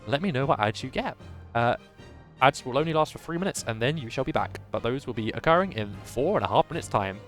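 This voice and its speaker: Male streamer talking to chat, super animated pitch, energetic. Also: quick pace, soft background music. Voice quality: energetic, laughing. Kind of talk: live game playthrough commentary.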